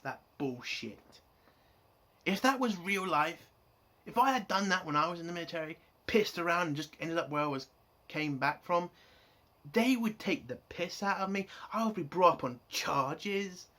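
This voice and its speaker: A man's voice: high voice, unhurried, fairly bright tone. A man giving an exasperated, sarcastic and heavily sweary rant while reviewing a TV episode. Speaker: TV show reviewer.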